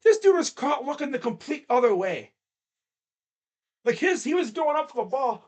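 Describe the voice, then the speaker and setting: A man's voice: extremely high pitch, very animated, normal speed, long pauses. A young man casually recapping football stats and picks, chatty with mocking asides. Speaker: sports picks host.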